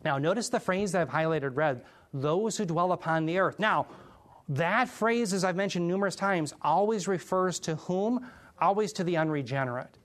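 An earnest middle-aged man leading a verse-by-verse Bible study. His voice sits somewhat high for a man, and he often stops to put rhetorical questions to his listeners. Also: moderate pace. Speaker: Bible teacher.

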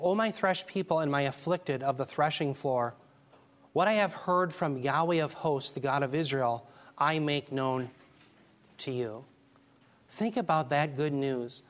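A man teaching a Bible class, preaching in an emphatic, animated way and taking questions from the class. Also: on the high side. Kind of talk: sermon.

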